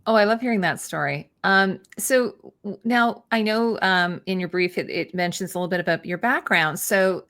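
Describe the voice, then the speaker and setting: A woman's voice: on the low side, fairly bright tone. A woman hosting a casual interview, chatty and enthusiastic about her guest's story. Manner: enthusiastic, chatty, self-deprecating. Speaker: interviewer, host.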